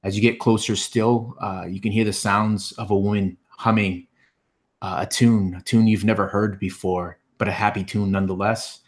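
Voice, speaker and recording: Man, game master, lowish voice, halting, lots of ums. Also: flat delivery. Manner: halting, many fillers. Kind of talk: narrating a tabletop game.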